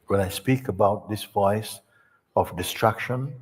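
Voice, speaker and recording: A man speaking as a spiritual teacher, giving an unhurried storytelling talk to an audience. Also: on the low side, breathy edge, big-room sound.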